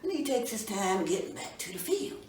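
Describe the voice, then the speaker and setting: A woman storyteller narrating a folk tale for children in an expressive, folksy way. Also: mid-range voice, fairly quick. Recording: roomy echo from a distance, faint room noise.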